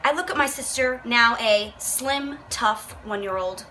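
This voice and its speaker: A woman's voice: fairly high pitch, a little slow, bright, forceful tone, slight background noise, poor audio. A young woman vlogger reading a book aloud and reacting with profane, exasperated commentary. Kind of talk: casual rant, reading aloud.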